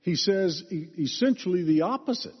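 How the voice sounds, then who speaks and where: A man preaching a sermon as pastor, teaching in an expressive, emphatic way. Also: high-pitched, moderate pace, slightly rough. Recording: reverberant hall, dull lo-fi sound.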